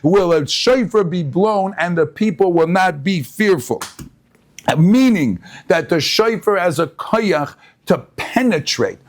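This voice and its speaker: Man, rabbi giving a Torah class, lively pitch that climbs high when he gets excited. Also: slow pace. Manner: animated, mixes Hebrew and Yiddish, rises to excited emphasis.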